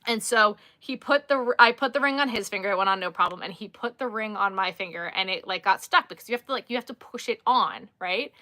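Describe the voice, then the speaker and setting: A young woman from New York, chatting casually with her live viewers, sassy and quick to laugh, talking to her dog in between. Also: medium pitch, sharp tone, no room sound, clean studio sound. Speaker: livestream host.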